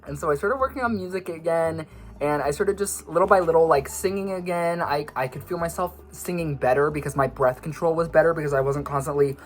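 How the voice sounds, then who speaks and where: A man's voice: on the high side, brisk. Young male vlogger, slightly breathless, scattered and self-mocking, chatty tangents over faint background music. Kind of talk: casual rambling monologue.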